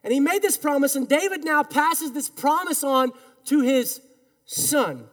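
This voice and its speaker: A man's voice: extremely high pitch, animated, a little slow, fairly bright tone. A male pastor preaching a sermon in earnest, emphatic tones, leading the congregation in call-and-response. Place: church sanctuary. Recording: long reverb of a large hall.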